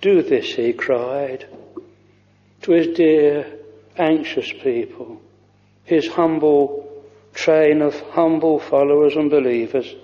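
A man's voice: fairly high pitch, slow, pauses often, in a large hall, highs cut off. A man preaching a fervent, old-fashioned sermon, weaving hymn lines into his words. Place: church.

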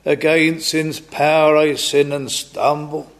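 Male preacher, slow and hesitant, monotone sermon delivery in a chapel. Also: a little high, vocal fry. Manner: slow, halting, many ums and restarts, old-fashioned biblical wording.

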